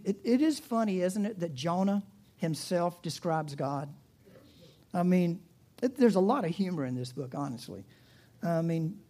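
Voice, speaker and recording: Preaching a sermon in a Southern US accent, this man recounts a story humorously and conversationally, wandering into asides and starting over at times. His voice is high-pitched and warm.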